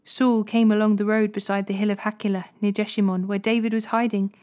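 A woman reading Bible passages aloud as host of a daily reading series, in clear, steady narration. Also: mid-range voice, fairly quick. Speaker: Bible reader. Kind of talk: scripture reading.

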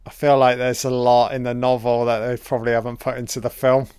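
A man's voice: medium pitch, a little fast, clean tone, no echo, studio quality. Sweary man reacting to a film. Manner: sweary, excitable, talking over a film as it plays. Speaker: film commentator. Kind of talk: casual live reaction commentary.

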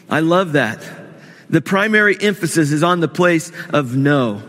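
A fairly high-voiced man preaching a sermon in a church hall with a long echo. He prays aloud, then leans hard on key words, repeating them for emphasis. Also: lively intonation, unhurried, a bit bright. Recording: long reverb of a large hall.

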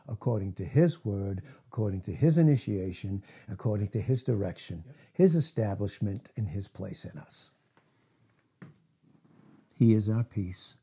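A middle-aged man preaching a sermon as pastor, emphatic, asking rhetorical questions and swinging from loud to hushed. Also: fairly low pitch, husky.

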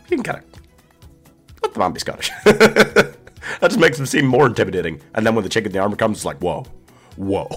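A man's voice: low-pitched, a bit bright. A man hosting a solo movie podcast, chatting casually and laughing often. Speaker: podcast host.

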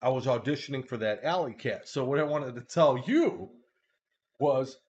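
Man co-hosting a live stream, casual and profane, lively swooping voice, dull lo-fi sound. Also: mid-range voice, moderate pace. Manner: animated storytelling, profane, puts on silly British voices. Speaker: podcast co-host. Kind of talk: casual chat.

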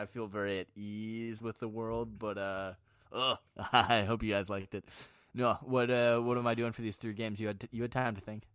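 A young man co-hosting a podcast, jokey and animated, who tends to repeat himself. His voice sits on the low side. The sound is dry and close. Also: dry recording. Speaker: podcast co-host. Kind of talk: casual chat.

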